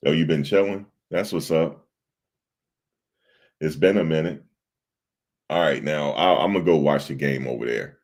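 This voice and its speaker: A man with a very deep, gravelly voice hosts a casual livestream. He rambles loosely and answers his viewers in the chat as he goes. His tone is husky and worn. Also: normal speed, pauses often, darkish tone. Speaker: livestream host.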